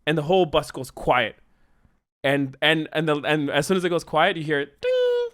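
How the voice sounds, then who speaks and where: A man brainstorming a story in casual chat, excitedly acting out the characters' lines. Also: a little high, a little fast, dry recording, clean studio sound. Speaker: co-host writing a musical.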